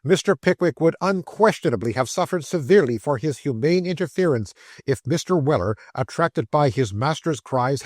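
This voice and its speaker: A man narrating a classic novel audiobook in a measured, expressive storytelling voice on a close mic. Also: on the high side, no echo.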